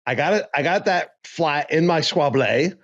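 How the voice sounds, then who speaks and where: A man's voice: fairly high pitch, lively intonation, normal speed, lo-fi sound. A man co-hosting a podcast in casual chat, joking and rambling with restarts. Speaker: podcast co-host.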